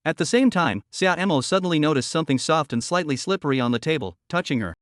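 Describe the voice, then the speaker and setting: A man's voice: a little high, lively intonation, quick pace, a bit bright, no echo. Man narrating a story recap, dry and close.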